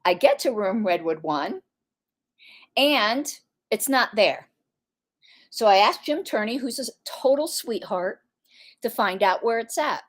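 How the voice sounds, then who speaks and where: A woman telling a story of indignation in a casual commentary video, sarcastic and animated. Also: a little high. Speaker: political commentator, party secretary.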